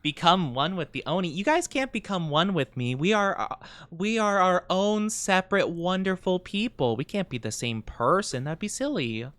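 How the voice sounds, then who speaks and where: A man streaming a game and chatting playfully with his viewers, rambling and giggling, with sudden high squeaks. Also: sing-song, normal speed, hardly any pauses, a bit bright, dry recording. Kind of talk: casual live-stream chat while gaming.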